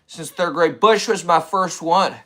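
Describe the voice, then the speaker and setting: A male comedian hosts a loose podcast livestream in a high, bright voice. He talks rapidly and excitedly, leaping from one topic to the next. His tone stays sharp and forward throughout. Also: a little hiss or hum. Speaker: comedian and impressionist host. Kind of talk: casual livestream podcast chat.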